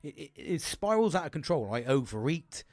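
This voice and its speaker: A man's voice: fairly high pitch, big pitch swings, normal speed, a little mellow, no room sound. A middle-aged man talking openly and emotionally about his struggles, rambling with many restarts and frequent swearing. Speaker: podcast host. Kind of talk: candid personal talk.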